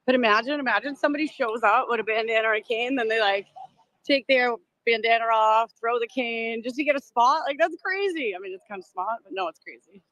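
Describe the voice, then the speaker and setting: Woman, Boston accent, middle-aged, livestreaming, high voice, bright tone, phone mic outdoors. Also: fairly quick, dry recording, poor audio. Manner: chatty, talks to viewers and passersby. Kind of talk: walking livestream chat. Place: outdoors on a crowded sidewalk. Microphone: handheld phone.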